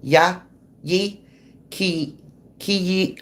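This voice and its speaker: A woman's voice: deep voice, takes it slowly. A woman hosting a true crime livestream in a casual, blunt, slangy way, calling out critics and greeting viewers in the chat by name.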